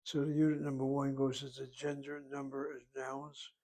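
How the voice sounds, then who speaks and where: A man's voice: medium pitch, completely flat delivery, moderate pace, darkish tone. A man teaching a Hebrew lesson, explaining grammar methodically step by step. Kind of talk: recorded language lesson.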